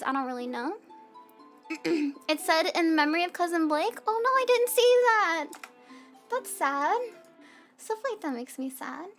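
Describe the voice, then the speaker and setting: Young southern american gal, high voice, chatty and giggly, faint music under her. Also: fairly bright tone. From United States. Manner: rambling, giggly, chatting with viewers. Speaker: VTuber streamer. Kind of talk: casual stream chat. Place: hot room at home. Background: faint background music.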